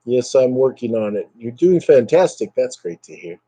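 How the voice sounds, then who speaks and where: Low-energy man chatting on a livestream. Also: big pitch swings, moderate pace, dark tone, slightly rough, no room sound. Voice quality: voice a bit fried. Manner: rambling and chatty, reading out viewer comments, drifting into brief impressions. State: low energy, recovering from illness. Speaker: livestream host chatting with viewers. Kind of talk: casual livestream chat. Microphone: computer webcam mic.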